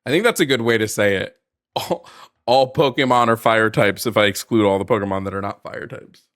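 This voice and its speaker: A man's voice: on the low side, fairly quick, fairly bright tone. Chatty male live-stream host. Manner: loose and chatty, lots of ums and restarts. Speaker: host of a call-in debate stream. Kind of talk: casual live-stream talk.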